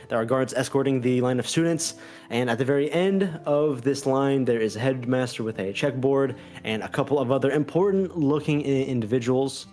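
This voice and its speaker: Acting as game master, a man narrates a tabletop game haltingly, full of fillers and restarts. His voice sits mid-range and is a little mellow.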